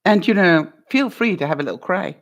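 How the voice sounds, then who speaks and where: A woman's voice: lowish voice, animated, brisk, dull audio. A woman coaching someone through a hard conversation on her advice vlog. She talks in an encouraging, playful way, laughs often and keeps checking in with "all right?". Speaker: vlogger giving life advice. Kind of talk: coaching talk to a guest.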